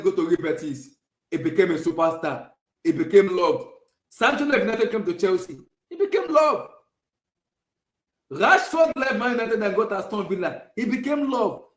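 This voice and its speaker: A man's voice: high voice, animated, moderate pace, echoey room, rough recording. A man hosting a podcast, ranting heatedly and repeating himself. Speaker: podcast host. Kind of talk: heated football rant.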